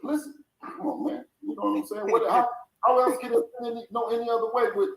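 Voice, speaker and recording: A man's voice: very high-pitched, fairly even intonation, quick pace, fairly bright tone. Insistent middle-aged man on a roomy call. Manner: insistent, repeats himself, swears. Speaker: boxer's father and trainer. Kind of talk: heated call with a fighter. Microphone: video call audio. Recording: roomy video call audio.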